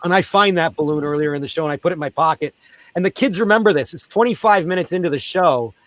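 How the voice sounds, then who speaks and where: A man, a street theatre performer, telling animated stories in a casual interview over a video call. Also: quick pace, dry recording. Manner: animated, acts out quoted voices in a high pitch.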